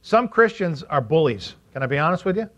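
A male pastor preaches to his congregation in a lively way, firing questions at them. He acts out quotes in funny voices. His voice sits fairly high, and the recording sounds dull and lo-fi. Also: fairly quick. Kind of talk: sermon.

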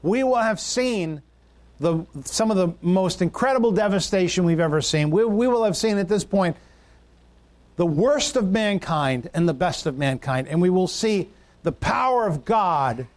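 High-voiced preacher building repetitive lists. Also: male voice, lively intonation, unhurried. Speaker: pastor. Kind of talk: sermon.

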